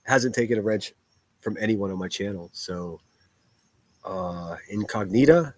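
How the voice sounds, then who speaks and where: A man's voice: fairly low pitch, a little slow. A man hosting a live stream and answering his chat in a blunt, profane, rambling way, with frequent restarts. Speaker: livestreamer reading chat.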